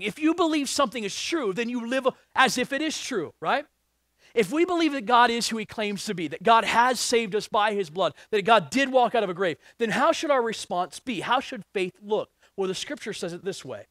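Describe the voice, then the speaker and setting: A man's voice: very high-pitched, pushed and bright, no room sound, studio quality. A male pastor preaching a sermon, reading scripture and asking the congregation emphatic rhetorical questions.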